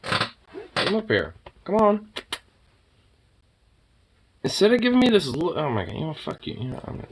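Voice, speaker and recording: A high-pitched man with huge pitch swings speaks at a measured pace with long pauses, and there's background noise. He's at home playfully teasing his cats with mock insults and swearing before cooing baby talk at them.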